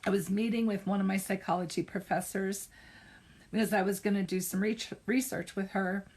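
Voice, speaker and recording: A middle-aged woman therapist speaking casually on a live stream, telling a personal story and giving advice, unhurried and self-correcting, emphatic on key points. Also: mid-range voice, fairly even intonation, darkish tone, husky.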